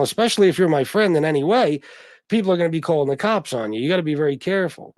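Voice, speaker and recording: A man's voice: mid-range voice, expressive, rapid-fire, darkish tone, no echo. A man hosting a casual livestream, reading out donations and chat comments, rambling and swearing freely with many restarts. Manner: rambling and profane, with frequent restarts. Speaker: livestream host.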